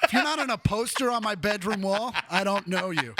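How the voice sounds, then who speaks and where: A man in his thirties, a comedian guest on a podcast, telling stories in a casual, animated way and acting out the people he quotes. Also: high-pitched, fairly quick, no echo. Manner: animated, acts out quoted voices.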